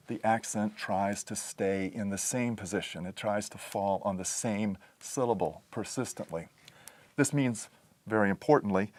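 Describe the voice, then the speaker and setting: Male lecturer, lowish voice, patient and methodical, screen-recorded lesson. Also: a little mellow. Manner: patient, explanatory, with pauses and restarts. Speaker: teacher. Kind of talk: recorded lecture on Greek accents.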